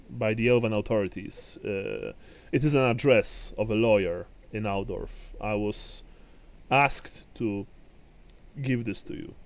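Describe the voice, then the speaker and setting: A man narrating a tabletop game as game master, English not his first language, often pausing to search for words. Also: fairly low pitch, smooth.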